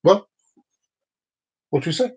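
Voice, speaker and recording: A man's voice: measured pace, crowd noise. A man hosting a casual live stream, rambling and telling groan-worthy jokes to viewers by name. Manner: chats directly to viewers by name.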